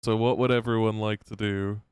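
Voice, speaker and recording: Male game master with a smooth, dry voice. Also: fairly low pitch, no echo. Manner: relaxed, halting narration with fillers. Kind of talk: narrating a tabletop game.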